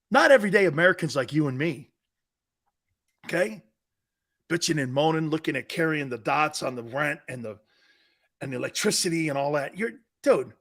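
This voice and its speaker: A brash man hosting a sports talk show. He rambles loudly from one gripe to the next and breaks into laughter. His slightly high voice rises and falls in big, lively swings.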